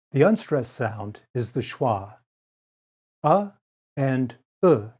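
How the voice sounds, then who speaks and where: Slow, careful man teaching pronunciation. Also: medium pitch, dark tone. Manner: slow, careful, clearly articulated delivery. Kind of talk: scripted instructional narration.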